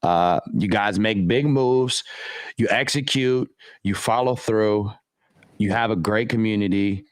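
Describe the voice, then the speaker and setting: A man hosting a podcast in casual chat, excitable and slangy, laughing often. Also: fairly low pitch, measured pace, clear, resonant tone, no room sound, studio quality. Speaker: podcast host.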